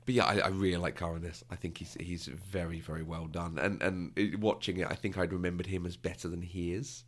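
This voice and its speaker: Deep-voiced British man chatting. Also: flat delivery, a little fast. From Britain. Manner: chatty, laughs often, acts out quotes. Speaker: podcast co-host. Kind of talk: casual chat.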